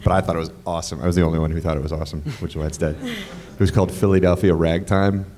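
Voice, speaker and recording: Man, panel writer, very low voice, dry wry delivery. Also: little pitch movement, very fast, dark tone. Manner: dry, wry humor, eager pitching of ideas. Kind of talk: panel discussion. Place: convention panel room.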